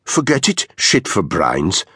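A man's voice: low-pitched, huge pitch swings, slow pace, husky, dry recording, clean studio sound, exaggerated voice. A narrator voicing a sneering, bullying blond male unit commander with a crude, mocking manner. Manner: mocking, crude, exaggeratedly loud.

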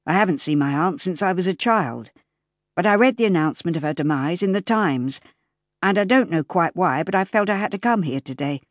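A woman voicing a courteous, slightly flustered young gentleman in an audiobook. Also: lowish voice, no echo, clean studio sound. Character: polite awkward young gentleman. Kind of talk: audiobook character voice.

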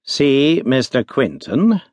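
A man's voice: mid-range voice, sing-song, moderate pace, dry recording, clean studio sound. A man voicing a cool, firm doctor in a storybook.

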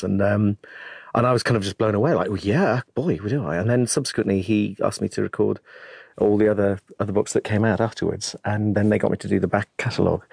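A man's voice: on the low side, gravelly, darkish tone, breathy edge, no echo. A man who narrates audiobooks, chatting in an interview in a rambling, jokey way with many restarts. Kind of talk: casual interview chat.

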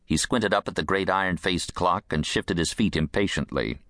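A man narrating an audiobook in a crisp, dry, expressive manner. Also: low voice, moderate pace, no room sound.

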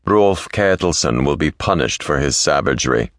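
A male narrator voicing a stern Viking warlord who speaks low, measured and commanding. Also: animated, a bit bright, no room sound, studio quality. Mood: wrathful.

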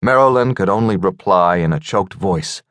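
A man narrating a fantasy audiobook in a measured, gentle storytelling manner. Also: deep voice, no echo, clean studio sound. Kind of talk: scripted narration.

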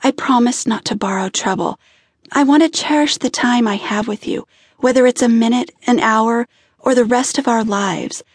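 A woman's voice: fairly high pitch, moderate pace, husky, no echo, studio quality. A woman narrator voicing Maggie, a young woman who is tearful and pleading with her lover. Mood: tender. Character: grown woman Maggie, frantic then tender.

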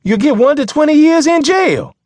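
A man's voice: very high-pitched, sing-song, moderate pace, a little mellow, no room sound, pitched above the performer's own voice. A man voicing a pushy, bullying man who barks orders in an audiobook. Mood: urgent. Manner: urgent, barking, bullying. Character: pushy man urging a getaway. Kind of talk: audiobook character reading.

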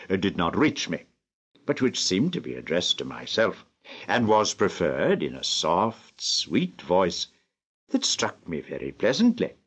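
Deep-voiced older man reading a classic novel. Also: breathy edge. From England. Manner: slow, deliberate, lively phrasing. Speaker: audiobook narrator. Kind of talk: measured classic novel narration.

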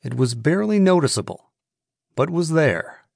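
A man narrating a western audiobook in a steady, measured storytelling manner. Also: fairly high pitch, creaky, no echo, studio quality.

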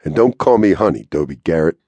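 A man with a deep, husky voice voicing a calm, bossy frontier woman who handles a gun, talking dry and no-nonsense in a western audiobook. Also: fairly quick, no room sound. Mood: cool, bossy.

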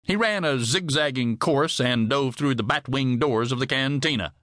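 A man reading a western novel as an audiobook narrator, measured storytelling with close studio miking. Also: mid-range voice, fairly bright tone, no echo. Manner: measured storytelling with varied voices.

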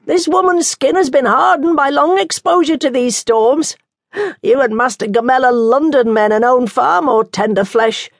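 A hardy medieval nun, brisk and gently teasing, her lines lifted well above the narrator's usual pitch, as a woman reads her. The voice stays husky and close, with no room around it, as in a storybook audiobook. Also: dry recording. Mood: brisk wry. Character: hardy, dry-witted nun from the stormy coast.

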